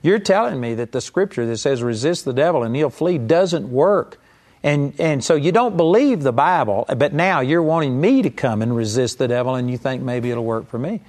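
A man's voice: medium pitch, expressive, moderate pace, darkish tone. A man preaching a teaching sermon, earnest and direct, with a live audience present. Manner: earnest, mimics whiny pleading voices in quotes.

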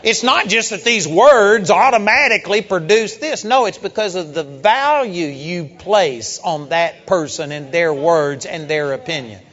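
A man preaching a sermon, emphatic, building up to loud rhetorical questions. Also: high-pitched, animated, unhurried, few pauses. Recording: dull lo-fi sound with long hall reverb.

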